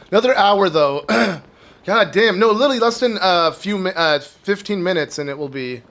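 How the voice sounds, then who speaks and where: A man streams a game from home, talking on and on to his chat in a loose, rambling way. His voice sits a little high for a man. His throat is phlegmy and keeps needing a clear. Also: big pitch swings, measured pace, a bit bright. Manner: rambling, chatty, talks to chat. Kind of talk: casual live gameplay commentary.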